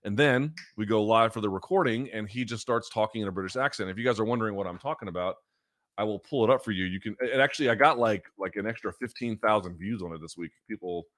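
A man hosting a podcast, telling a story in a casual, animated and emphatic way and swearing freely. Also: lowish voice, fast talker, dry recording, clean studio sound. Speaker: podcast host.

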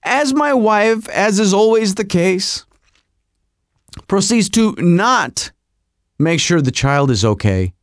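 A man's voice: high-pitched, slow pace, long pauses, no room sound, clean studio sound. A middle-aged man hosting a podcast, telling a rambling comic story and putting on voices. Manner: rambling, animated, puts on voices. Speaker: podcast host.

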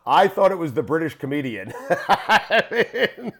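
Loud joking podcast host, a man. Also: fairly high pitch, sing-song, a little slow, vocal fry. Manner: loud, joking, laughs often. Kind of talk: casual podcast banter.

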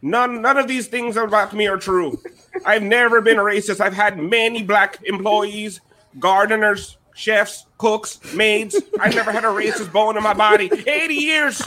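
Guy doing a high bright old leprechaun, all huffy and defensive. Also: normal speed. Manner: indignant, shouting denials. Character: old male leprechaun mascot, defensive and blustering.

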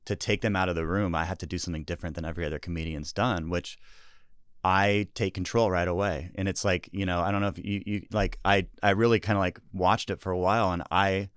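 Deep-voiced American comedian, smooth and dry. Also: male voice, fairly even intonation, quick pace, fairly bright tone, no echo. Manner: rambling, self-interrupting, earnest. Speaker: stand-up comedian guest. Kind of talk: casual podcast chat.

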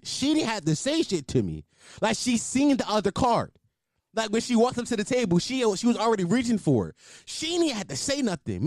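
A man in his twenties telling a story casually, animated and full of profanity. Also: sits high, no echo, studio quality. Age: 20s. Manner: profane, animated, exaggerated outrage.

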